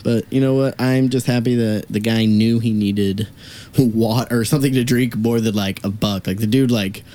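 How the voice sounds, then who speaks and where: A man's voice: on the low side, steady tone, normal speed, mellow. A young man in casual podcast chat, rambling through a story with lots of fillers and swearing. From Dallas area, USA.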